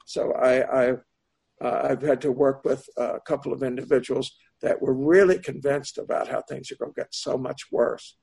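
A man teaching as a Buddhist meditation teacher, answering a question in a slow, searching, meandering Dharma talk. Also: mid-range voice, fairly even intonation, gravelly, a little mellow, husky.

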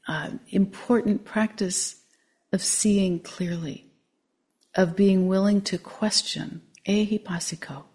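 A woman meditation teacher giving a dharma talk, gentle and reflective with frequent pauses. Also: lowish voice.

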